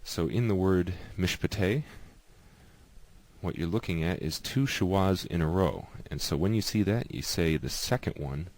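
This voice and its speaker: A man giving a patient, explanatory lesson, slowly repeating each example word. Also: low voice, animated, a little mellow, no echo. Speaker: teacher.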